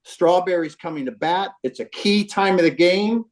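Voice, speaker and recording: Animated older man telling a story. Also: high voice, moderate pace. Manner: animated, swearing, acts out quotes. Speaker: baseball trainer telling a story. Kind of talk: casual storytelling on a phone call. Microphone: phone call.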